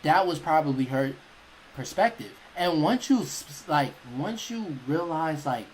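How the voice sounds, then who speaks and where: A young man with a slightly high voice tells a story on his stream, animated and full of slang, jumping into the voices of the people in it. A faint hum of room noise sits under his talk. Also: measured pace, rough recording. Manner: animated, profane, slangy, acts out quotes. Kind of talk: casual storytelling.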